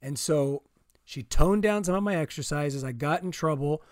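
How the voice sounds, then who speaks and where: A man's voice: a little high, moderate pace, a little mellow, dry recording. Man with a sore throat, dry sound. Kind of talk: casual chat.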